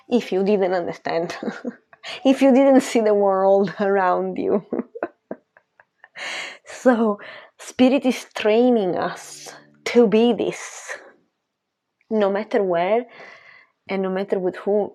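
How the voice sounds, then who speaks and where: A woman's voice: medium pitch, slow, long pauses, warm tone. Woman, spiritual coach, casual monologue, emphatic, repeats herself, laughs often. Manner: emphatic, repetitive, laughs between phrases, casual swearing.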